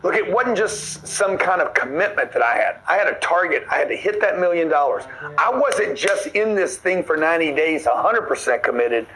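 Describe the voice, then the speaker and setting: A man's voice: on the high side, animated, moderate pace, sharp tone, slight background noise, low-quality recording. A man giving a blunt, preachy motivational talk, pushing his listeners hard. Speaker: motivational speaker.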